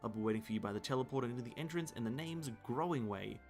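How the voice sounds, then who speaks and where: A man reading game dialogue aloud while voicing an excitable, fussy little rabbit-like moon creature. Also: mid-range voice, racing, soft background music, lightly acted. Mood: fretful. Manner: eager, fussy chatter.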